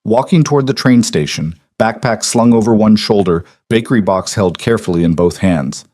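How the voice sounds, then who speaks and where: A man narrates a scripted story in a calm, measured voice. His pitch sits on the low side. The recording is dry, with no room sound. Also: dry recording.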